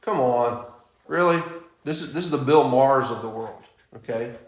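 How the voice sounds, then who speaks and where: A man's voice: mid-range voice, moderate pace, reverberant, natural voice, poor audio. A man voicing a skeptical man who mocks faith in an incredulous, scoffing way. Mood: mocking. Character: sneering skeptic man mocking religion.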